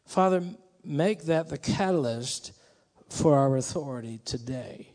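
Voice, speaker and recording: A man's voice: mid-range voice, animated, measured pace, a little mellow. A man preaching a sermon in a conversational, musing way that rises to emphatic bursts. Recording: long hall reverb.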